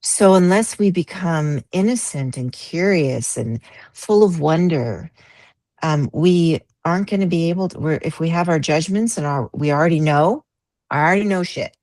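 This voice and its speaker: A woman's voice: on the low side, animated, normal speed, a little mellow, dry recording. A woman in a casual spiritual group discussion, reflective and meandering, laughing easily, on a video call.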